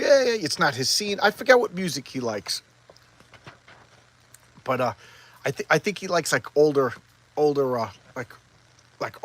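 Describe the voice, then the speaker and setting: A man's voice: mid-range voice, husky. A man casually recapping a comic, rambling and acting out the characters' lines. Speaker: comic book reviewer.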